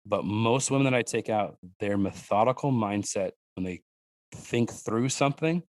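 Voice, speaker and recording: A man chatting as a podcast guest, telling animated stories with restarts and fillers and acting out his children's lines. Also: normal speed, no echo. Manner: animated storyteller who acts out his daughters' lines in a higher voice. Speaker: guest, wild game cook and hunter. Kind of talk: casual podcast conversation.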